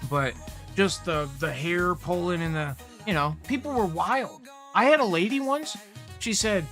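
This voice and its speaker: A man hosting a casual livestream, telling rambling, profane stories about dispensary customers with lively retellings. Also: fairly high pitch, moderate pace, soft background music. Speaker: livestream host. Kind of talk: casual storytelling chat.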